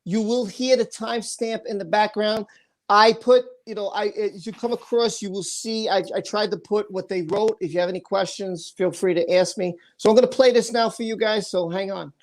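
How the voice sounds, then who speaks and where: A woman's voice: mid-range voice, steady tone, moderate pace. A woman hosting a casual livestream chat, talking in loose, rambling run-on sentences. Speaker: livestream host.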